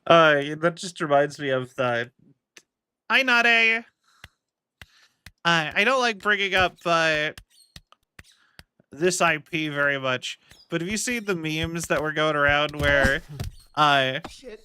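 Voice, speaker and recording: A man's voice: on the high side, expressive, takes it slowly, pauses often, sharp tone, smooth. A young man streaming a game, chatting casually in rambling tangents and swearing at his mistakes from his home setup.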